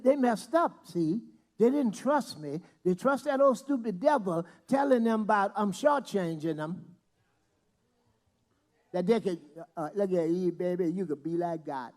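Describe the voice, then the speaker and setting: A man preaching a sermon, breaking into shouts and acting out prayers. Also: high voice, expressive, unhurried. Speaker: bishop preaching.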